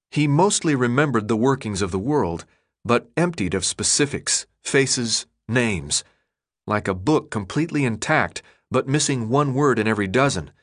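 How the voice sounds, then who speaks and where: Clean studio sound with no echo carries this expressive male narrator's medium-pitched voice. He's reading scripted audiobook narration.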